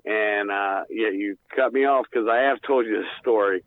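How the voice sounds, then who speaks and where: A man's voice: lowish voice, moderate pace. A man calling into a radio show, rambling bluntly with lots of fillers and the odd swear word. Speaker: guest on call-in show. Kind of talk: casual rambling radio talk. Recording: tinny phone line.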